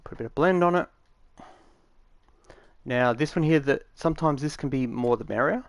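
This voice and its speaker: A man's voice: mid-range voice, normal speed, smooth, no room sound. A man giving a casual, rambling tutorial, matter-of-fact and full of fillers, recorded dry on a close mic. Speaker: game tutorial maker.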